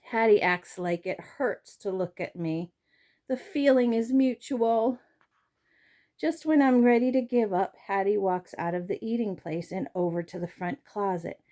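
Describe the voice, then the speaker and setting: A woman reading a children's chapter book aloud at an unhurried, deliberate pace. Her tone is soft and mellow, and she colors the story with expressive rises and falls. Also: mid-range voice. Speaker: reader.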